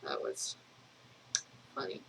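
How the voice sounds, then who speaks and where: A young woman rambling casually in a video journal, giggling often and filling pauses with ums. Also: fairly bright tone, low-quality recording. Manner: rambling, giggly, lots of fillers. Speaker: vlogger.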